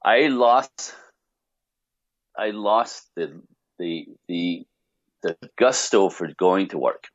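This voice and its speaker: A man speaking as a podcast guest, telling a personal story in an animated way, with many restarts and rhetorical questions. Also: low voice, drawn-out words, no room sound, muffled recording.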